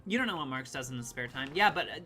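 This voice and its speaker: Woman, streamer, casual excitable chat, very bright voice, faint background music. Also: very deep voice, fast. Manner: excitable, chatty, reacts to chat, swears casually. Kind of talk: casual live-stream chat while gaming.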